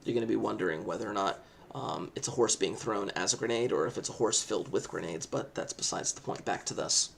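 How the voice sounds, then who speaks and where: A man teaching a statistics lesson, talking in an animated, jokey and emphatic way. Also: on the low side, fast, vocal fry, a little hiss or hum. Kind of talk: classroom lecture.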